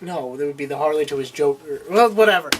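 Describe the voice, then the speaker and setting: A man co-hosting a podcast, recapping a TV episode in casual chat, cutting in with quick laughs and casual swearing. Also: on the high side, a little hiss or hum. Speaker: podcast co-host.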